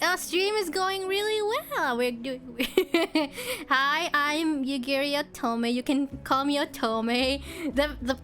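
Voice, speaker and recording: High-voiced giggly woman streamer. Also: a bit bright. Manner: giggly, laughs often between words. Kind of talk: casual stream chat and reading a visual novel aloud.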